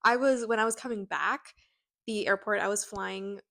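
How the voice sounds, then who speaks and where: A woman's voice: medium pitch, fairly even intonation, normal speed, vocal fry, fairly bright tone, no echo. A young woman co-hosting a podcast, telling an anxious story in casual chat with lots of fillers. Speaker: podcast co-host.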